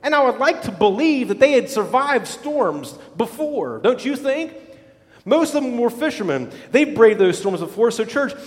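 High-voiced preacher in a reverberant hall. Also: male voice, big pitch swings, normal speed. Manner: dramatic, swings between hushed low lines and loud exclamations. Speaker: pastor. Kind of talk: sermon.

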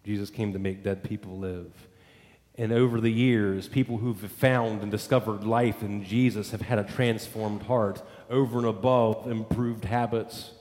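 A man's voice: on the low side, steady tone, a little slow, a little mellow, roomy sound, long reverb tail. A male pastor preaching a sermon, emphatic, building points through repeated lists.

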